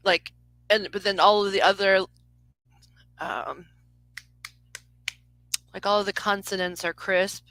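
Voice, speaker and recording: A woman's voice: on the low side, a little slow, pauses often, sharp tone, no room sound, poor audio. Rambling woman giving a live psychic reading. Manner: rambling, self-interrupting, lots of fillers. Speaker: psychic reader. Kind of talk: live reading on a phone call.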